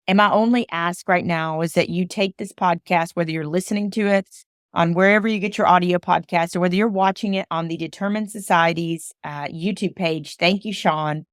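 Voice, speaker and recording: A woman's voice: fairly low pitch, fairly even intonation, moderate pace, no echo. Earnest Southern woman podcaster, dry sound. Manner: earnest, emotional, preacher-like appeals. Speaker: podcast host. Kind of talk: heartfelt podcast monologue.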